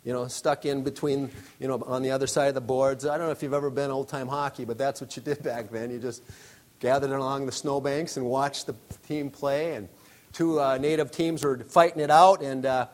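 A man's voice: mid-range voice, fairly quick. A middle-aged man preaching a sermon, telling a story with frequent laughs before turning to scripture. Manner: storytelling, animated, laughing often. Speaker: pastor.

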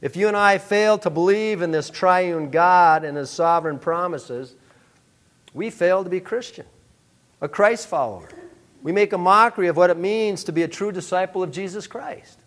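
Earnest higher-voiced male preacher. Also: normal speed, fairly bright tone. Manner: earnest, emphatic, many "uh" fillers. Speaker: pastor. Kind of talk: sermon.

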